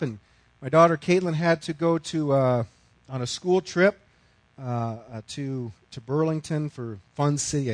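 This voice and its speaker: A middle-aged man preaching a sermon, telling a story with big swings from loud outbursts to hushed, quiet lines. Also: fairly high pitch, no echo, low-quality recording. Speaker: pastor.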